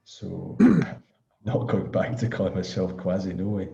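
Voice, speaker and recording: Gravelly deep-voiced Scottish man. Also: expressive, a little slow, dark tone. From Scotland. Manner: reflective, rambling, chuckles often. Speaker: study group participant. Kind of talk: casual chat. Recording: echoey, dull lo-fi room audio.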